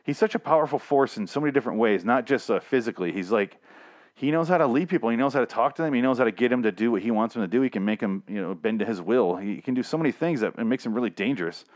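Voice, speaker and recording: A man's voice: medium pitch, animated, fast talker. A man casually recapping a comic series, rambling and swearing, with lots of restarts and fillers. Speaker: comic reviewer.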